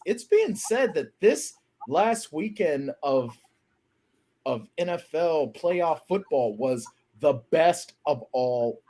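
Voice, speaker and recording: A man hosting a live sports talk show with an energetic, hyped delivery. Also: a little high. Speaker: host.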